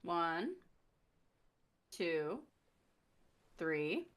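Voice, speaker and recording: A woman's voice: fairly low pitch, big pitch swings, drawn-out words, crowd noise. A woman playing in a tabletop game, feisty and swearing playfully. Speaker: player. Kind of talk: casual tabletop play.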